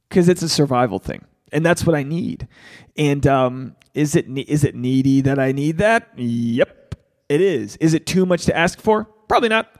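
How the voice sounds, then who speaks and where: A man's voice: a little high, expressive, moderate pace. A man hosting a podcast, talking candidly and animatedly, swearing freely and acting out quotes. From Rhode Island. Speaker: podcast host, standup comedian.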